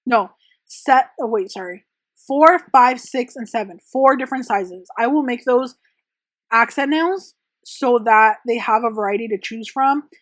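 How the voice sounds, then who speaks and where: A woman's voice: on the high side, a little slow, no echo. Chatty young woman with lots of fillers. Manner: casual and rambling, many "like" and "um" fillers. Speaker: press-on nail artist and channel host. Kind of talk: chatty Q&A vlog. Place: her home room.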